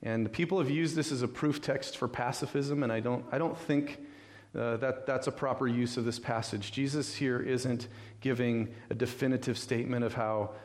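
A man preaching a sermon in a conversational, animated storytelling manner, often asking "right?". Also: medium pitch, normal speed. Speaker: pastor.

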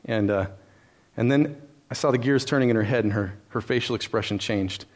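A man's voice: mid-range voice, brisk. A man preaching a sermon in an ordinary mid-range voice. He starts out telling stories in a loose, conversational way, full of small fillers. He then builds into earnest, emphatic teaching. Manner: frequent "uh" and "and so" fillers. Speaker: pastor.

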